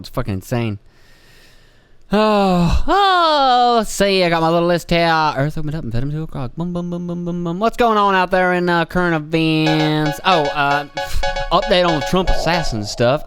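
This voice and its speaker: Profane, rambling man podcast host. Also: on the high side. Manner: profane, rambling, acts out voices. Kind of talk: casual comedic rant.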